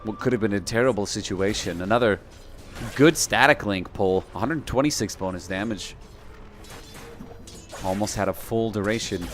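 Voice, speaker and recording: A man's voice: fairly low pitch, moderate pace, pauses often, music in the background. A man casting a video game match live, calling plays and joking casually between them. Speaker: esports caster. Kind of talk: live play-by-play commentary.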